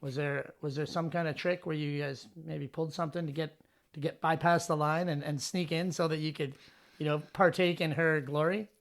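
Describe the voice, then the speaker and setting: A man's voice: fairly high pitch, steady tone, fairly quick. A man hosting a podcast, asking casual, winding questions full of restarts. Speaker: podcast host. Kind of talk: casual interview.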